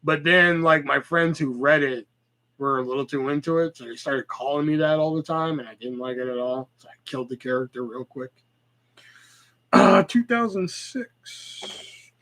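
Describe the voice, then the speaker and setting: A man's voice: mid-range voice, fairly even intonation, brisk, bright, forceful tone, low-quality recording. A man in his thirties hosting a casual solo podcast, rambling and profane with lots of fillers and stutters. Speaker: podcast host.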